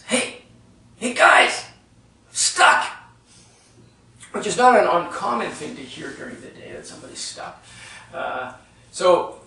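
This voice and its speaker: Standing far off-mic in an echoey retreat meeting room, a man leads a workshop with a slightly high, creaky, fairly bright voice. He tells a live audience a story in a conversational way, frequently asking "right?"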